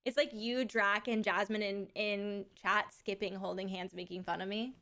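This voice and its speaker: This young woman's mid-range voice is level in tone and a bit bright. A livestreamer with a slight lisp, she chats casually with her audience, giggling and drawing out words.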